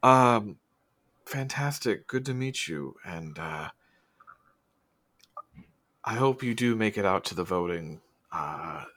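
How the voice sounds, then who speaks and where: A man's voice: on the low side, expressive, takes it slowly, long pauses, a bit bright, heavily acted. A man voicing a bumbling, self-important male city councilman, rambling and flustered. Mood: polite.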